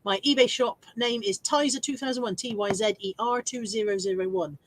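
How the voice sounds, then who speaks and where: A woman's voice: medium pitch, fairly quick, a little hiss or hum, rough recording. Woman, casual live-stream chat, laughs a lot, self-mocking, at home indoors.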